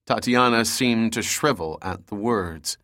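A man narrating a thriller audiobook in a steady, measured reading. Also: lowish voice, no room sound, clean studio sound.

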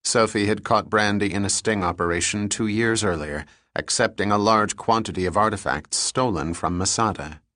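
A man giving measured, scripted narration of a novel. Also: on the low side, pushed and bright, no echo, studio quality. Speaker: audiobook narrator.

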